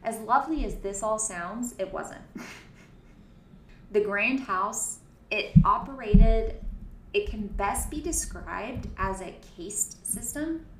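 A woman co-hosting a casual true-crime podcast, telling the story in an animated way with sarcastic asides. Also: mid-range voice, slow, a little hiss or hum. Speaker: podcast co-host. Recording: roomy, distant mic.

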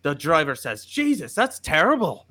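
A mocking Irish man rattles off roasting jokes in a lilting, teasing voice that jumps up high, as a man puts him on. The sound is dry and close. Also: wildly swooping pitch, moderate pace, sharp tone, no echo, full character voice.

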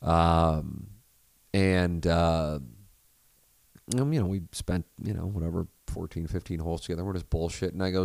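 A man's voice: sits low, normal speed, vocal fry, a little mellow, dry recording. A man hosting a podcast in casual chat, rambling, self-correcting and swearing freely. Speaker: podcast host.

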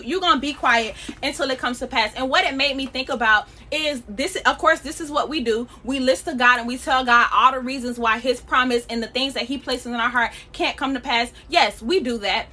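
A young woman preaches casually on her podcast, talking in a lively, slangy way and often breaking into laughter. Her voice sits high and bright and carries a lot of energy. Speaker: podcast host.

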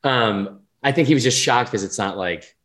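A man's voice: medium pitch, moderate pace, a bit bright. A man co-hosting a podcast, rambling through a story in casual chat and swearing freely. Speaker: podcast co-host.

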